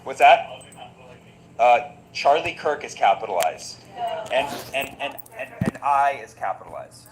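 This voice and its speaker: A man's voice: medium pitch, very animated, measured pace, a crowd in the background, rough recording. A man giving sarcastic commentary and reading text messages aloud, laughing between lines. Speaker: online commentator.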